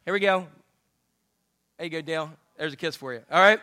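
A man preaching in a church with a high, bright and forceful voice. He keeps the sermon loose and conversational, with jokes and asides to people in the pews. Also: fairly quick. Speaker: pastor. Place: church sanctuary.

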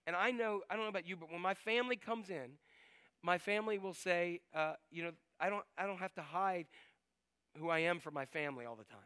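A man's voice: sits high, brisk, clear, resonant tone. A man preaching a sermon and leading a closing prayer with fervent exhortation. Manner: fervent, rising to loud exhortation. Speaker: pastor.

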